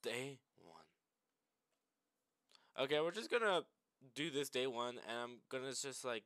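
A man's voice: mid-range voice, fairly bright tone, a little hiss or hum. A man giving casual, sarcastic let's-play commentary, mumbling and swearing as he plays. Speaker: gamer, video creator.

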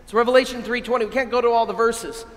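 High-voiced preacher in an echoey hall. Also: male voice, fast talker. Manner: animated, preaches with call-and-response to the audience. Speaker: priest. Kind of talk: conference keynote sermon. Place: large hall.

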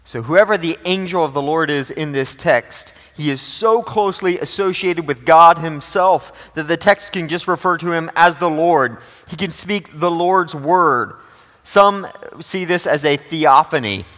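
A man's voice: a little high, a bit bright. A male pastor preaching a sermon in a conversational, joking way, with a long church reverb. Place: church sanctuary.

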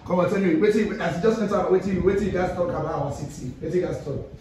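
Man, Nigerian Pidgin accent, high voice, hyped radio host, echoey studio, off-mic. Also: fast, darkish tone, recorded from a distance, a little hiss or hum. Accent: Nigerian Pidgin English. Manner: exuberant, laughs often, Pidgin slang. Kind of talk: hyped radio interview banter.

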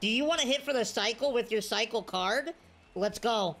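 A woman commentating her own video game play, excitable and cheering on or scolding her players. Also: fairly high pitch, a little fast, a little hiss or hum. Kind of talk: casual gameplay commentary.

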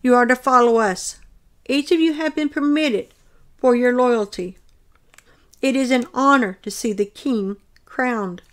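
A woman voicing a dark-haired giant man who formally addresses a crowd. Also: a little high, measured pace, close to an everyday voice. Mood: commanding.

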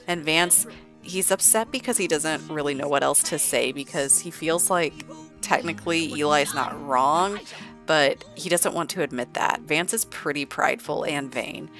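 A woman narrating a life-sim game in a chatty, casual way, sprinkling "like" through her talk. Her voice sits low. Faint music plays underneath. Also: moderate pace, a bit bright. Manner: chatty, heavy use of "like". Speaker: let's play narrator.

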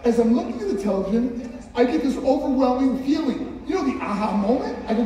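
Brisk, animated, and warm, a very high-voiced man addresses a school assembly with a motivational speech. He tells his story emphatically and speaks right to the audience in a large hall, with the echoey sound recorded from far away.

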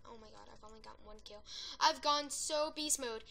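A woman giving excitable gameplay commentary, yelling and gasping at wins and deaths and rambling chattily between rounds. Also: fairly high pitch, normal speed, creaky. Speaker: gaming video creator.

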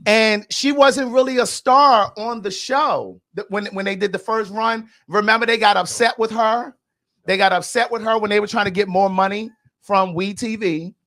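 A man's voice: high voice, steady tone, moderate pace, fairly bright tone. A man hosting a podcast, giving blunt, sassy, gossipy commentary in a casual chat. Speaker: podcast host.

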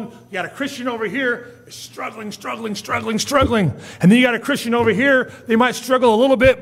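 A man, a pastor, preaching a sermon in a church, swinging between quiet asides and loud, rising appeals and acting out whiny quotes. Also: very high voice, long reverb tail. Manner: preaching with sudden rises and drops in loudness, acting out whiny quotes. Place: church sanctuary.

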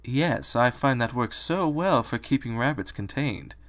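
Man putting on a purring, slow female cat villain for a storybook read; spiteful, unhurried. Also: medium pitch, animated, fairly bright tone. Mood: mocking. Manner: slow, sly and mocking. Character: malicious slow-talking female white cat.

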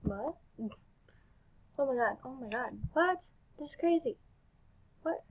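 Woman gamer, higher voice, slow bewildered reactions, dull lo-fi recording. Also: expressive, breathy edge. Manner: bewildered, exclaiming, laughing between lines. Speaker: gaming YouTuber. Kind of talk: reading game text aloud with reactions.

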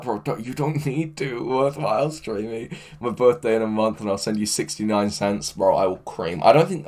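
A man chatting casually on a livestream, excitable, laughing often and swearing a lot. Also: on the low side. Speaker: livestreamer reading chat.

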